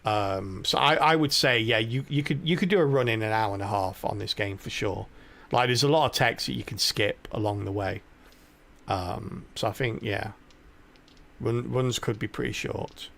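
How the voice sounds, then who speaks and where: Middle-aged guy chatting thru a game stream, kinda rambly, bit of gravel in his voice. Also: fairly low pitch, normal speed, fairly bright tone, a little hiss or hum. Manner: rambling, thinks aloud while playing. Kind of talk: live gameplay commentary.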